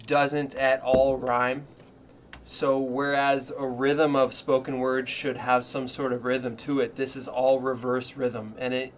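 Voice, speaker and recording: Tabletop player guy, rambly and animated, normal pitch, bit of background hiss. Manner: rambling and animated, laughs a lot. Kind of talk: casual play with in-character narration.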